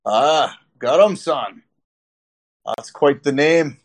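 A man's voice: a little high, takes it slowly. Guy doing a friendly dwarf host, old-timey talk, says aye a lot. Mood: hearty.

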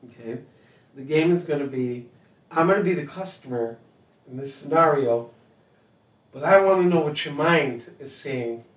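A man hosting a casual podcast chat in a relaxed way. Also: on the high side, normal speed, pauses often. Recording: distant, roomy mic.

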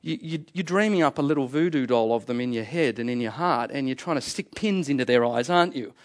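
A man's voice: medium pitch, lively intonation, fairly quick. A middle-aged man preaching a sermon, emphatic and fond of repeating key phrases. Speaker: pastor.

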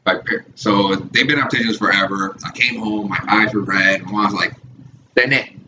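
A man's voice: on the low side, moderate pace, far from the mic. Man acting out a story in casual chat. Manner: animated storyteller who acts out his mother's voice. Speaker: guest. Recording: dull lo-fi sound with clear noise.

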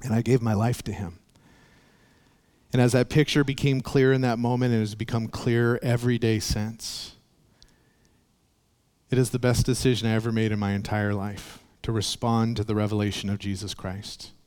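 A man on the low side with a darkish tone and flat delivery preaches at a moderate pace. As a pastor, he tells stories earnestly and gives voice to the characters in them.

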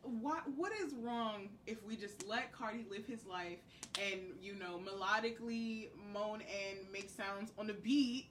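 A woman's voice: mid-range voice, a little slow, distant mic, background noise. A woman co-hosting a casual chat, telling stories animatedly and acting out what others said. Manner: animated storyteller, acts out quotes. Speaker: podcast co-host.

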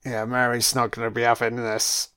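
Brief: a male film commentator, casual and profane, mid-pitched. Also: monotone, normal speed, sharp tone, smooth. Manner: blunt and profane, with frequent swearing.

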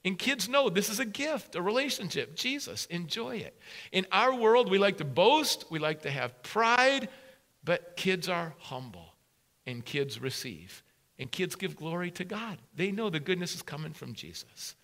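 A man's voice: high-pitched, very animated, a little slow, a bit bright. A man preaching a sermon as a pastor, emphatic and repeating key phrases for weight.

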